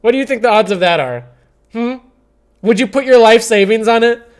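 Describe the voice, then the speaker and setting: A young man with a very high, clear, resonant voice commentates chess on a live stream, speaking briskly. He's exasperated, swinging between shouts and mumbling.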